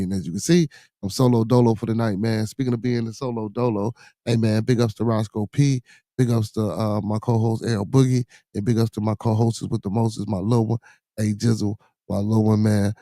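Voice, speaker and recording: A middle-aged man with a Chicago accent hosts his podcast alone on a live stream, sitting in a home studio. He talks in easygoing street slang, repeats his catchphrases and calls out to viewers in the chat. His voice sits low and mellow, and the sound is dry and close. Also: no room sound. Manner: laid-back street slang, repeats phrases, constant "you know what I'm saying". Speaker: podcast host.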